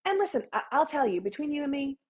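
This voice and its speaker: A woman's voice: sits high, very animated, quick pace, darkish tone, low-quality recording. A woman, a podcast guest making emphatic, opinionated points in casual interview talk. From Canada. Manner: emphatic, opinionated, builds points in long runs.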